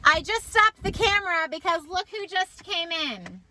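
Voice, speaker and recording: A woman's voice: extremely high pitch, big pitch swings, moderate pace, crowd noise, rough recording. A woman, telling a story to the camera in a chatty way, with lots of "like". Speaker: mom vlogger. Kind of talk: casual chat to camera.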